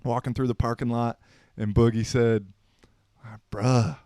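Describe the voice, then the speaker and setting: Laid-back man telling stories, smooth voice. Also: medium pitch, level tone, moderate pace, mellow, no echo, clean studio sound. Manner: laid-back, slangy, rambling with fillers. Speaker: podcast host. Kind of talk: unscripted casual storytelling.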